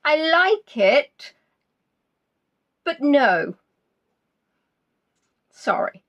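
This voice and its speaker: Hosting a live online quiz, a woman teases and chats with the players, reading out names and answers with wide swings in pitch. She speaks expressively at a measured pace, though the audio sounds dull.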